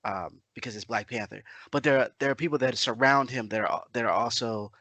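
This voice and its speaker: Bright-voiced hesitant man, dry sound. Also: mid-range voice, fairly quick, no echo. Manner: hesitant, apologetic, many fillers. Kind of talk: casual podcast chat.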